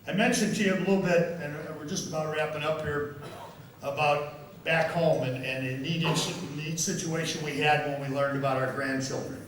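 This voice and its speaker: A man's voice: fairly high pitch, fairly even intonation, moderate pace, recorded from a distance, a little hiss or hum. Older man telling stories in an echoey hall. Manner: storytelling, repeats words, self-amused. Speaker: guest speaker and football official. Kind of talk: after-dinner speech with anecdotes. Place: large members' dining room.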